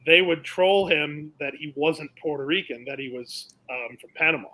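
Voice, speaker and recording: Bright-voiced young racetrack announcer, man. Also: a little high, moderate pace, a little hiss or hum, rough recording. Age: young adult. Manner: animated storyteller, acts out the people in his stories. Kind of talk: casual interview storytelling.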